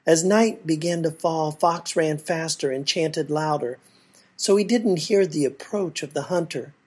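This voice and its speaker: Husky woman reading a folk tale. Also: low voice, unhurried, darkish tone. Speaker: storyteller.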